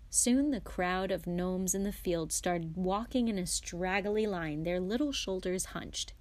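A woman, a guest reader, reading a chapter book aloud with steady, clear storytelling. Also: fairly low pitch, unhurried, hardly any pauses, no echo.

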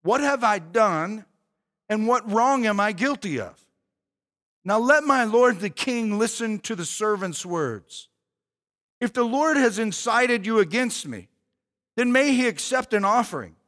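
A man voicing an indignant young male warrior who calls out loudly and scolds. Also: high-pitched, expressive, a little slow, big-room sound. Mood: pleading.

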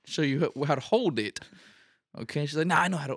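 A man's voice: a little high, fast talker, vocal fry, no echo. A young man chatting casually, telling stories with lots of acted-out quotes and casual swearing. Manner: animated storyteller, acts out quotes, swears casually. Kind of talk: casual chat.

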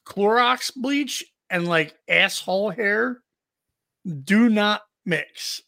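High, bright-voiced man telling crude stories. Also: extremely slow, vocal fry, no room sound, studio quality. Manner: rambling, profane, animated. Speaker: podcast co-host. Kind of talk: crude casual storytelling.

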